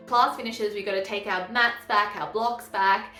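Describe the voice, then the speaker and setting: A young woman telling her love story as a personal testimony, earnest and animated, acting out what was said. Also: mid-range voice, normal speed, few pauses. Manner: earnest, animated, acts out quotes. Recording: echoey room with faint music.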